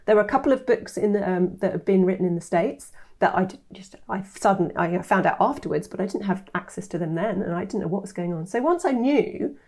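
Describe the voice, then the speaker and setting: A woman in her fifties, a nutritionist guest telling her story in an animated way, acting out quoted voices. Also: medium pitch, a little fast, few pauses. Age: 50s. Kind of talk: interview storytelling.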